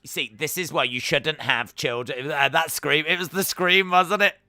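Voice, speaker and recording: A man hosting a live reaction stream, talking casually and cracking jokes, often pausing on an uh. His voice is very bright and forward, with a crisp, clean tone. The sound is close and dry, with no room around it. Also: a little high, dry recording. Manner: chatty and joking, with many uhs.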